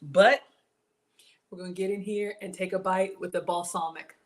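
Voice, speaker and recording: A woman's voice: fairly low pitch, steady tone, moderate pace. A woman hosting a casual cooking livestream, chatting with viewers about her food and reading their comments. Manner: chatty, reads viewer comments, says y'all.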